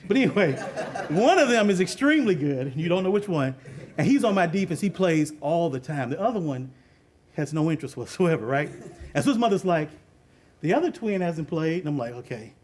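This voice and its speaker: A middle-aged man, a youth football coach, telling a leadership story in an animated way, laughing often and acting out what others said. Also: fairly high pitch, a little fast, slight background noise. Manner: animated, laughing often, acts out quoted voices.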